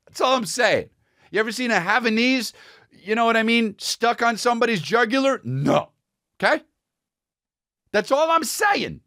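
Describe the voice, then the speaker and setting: A man hosting a podcast, telling a crude comic story in an animated way and slipping into goofy voices. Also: very high voice, normal speed, dry recording, clean studio sound. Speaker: podcast host. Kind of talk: comedic storytelling monologue.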